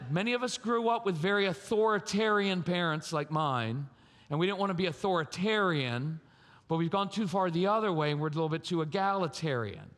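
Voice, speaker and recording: A man giving a live parenting talk at a conference, animated, acting out parents' voices. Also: sits high. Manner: animated, acts out yelling and sweet parent voices. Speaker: parenting speaker. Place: large church hall. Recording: reverberant hall.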